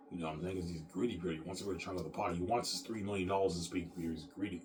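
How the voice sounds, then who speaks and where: Man, very low voice, rambling vlog monologue, boastful, repeats himself, faint background hiss. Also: steady tone, very fast, few pauses, darkish tone. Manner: repetitive, boastful, says "man" a lot.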